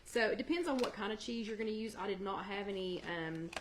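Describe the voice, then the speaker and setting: A woman's voice: mid-range voice, fast, noisy background. Chatty woman demoing a recipe live. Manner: chatty, talks to viewers in the live chat by name. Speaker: host of a live weight-loss chat. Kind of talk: casual cooking demo on a livestream. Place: home kitchen.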